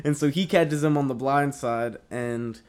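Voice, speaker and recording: A man's voice: mid-range voice, measured pace, a little mellow, clear, resonant tone. A young man telling a story in casual chat, rambling and swearing, with lots of fillers. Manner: rambling, profane, many fillers.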